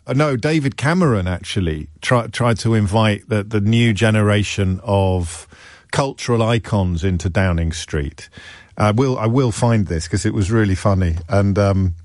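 A man's voice: lowish voice, no room sound. Wry man, dry close sound. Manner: wry, digressive, halting with frequent restarts. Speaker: political commentator. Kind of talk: monologue commentary.

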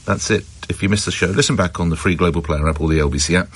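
Deep-voiced male talk radio host, rapid and brisk, studio mic. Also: slightly rough. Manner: brisk, probing, sympathetic. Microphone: studio microphone.

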